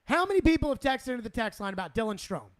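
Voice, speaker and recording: A man's voice: extremely high pitch, big pitch swings, very fast. A man hosting sports talk radio, exasperated and sarcastic, repeating himself as he rants.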